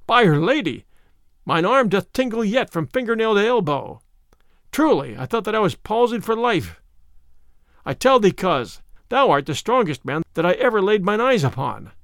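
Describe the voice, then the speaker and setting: A man's voice: high voice, sing-song, moderate pace, fairly bright tone, dry recording, studio quality, pitched above the performer's own voice, exaggerated voice. A man voicing a proud, bruised male outlaw leader in a storybook reading, speaking in hearty, archaic phrases.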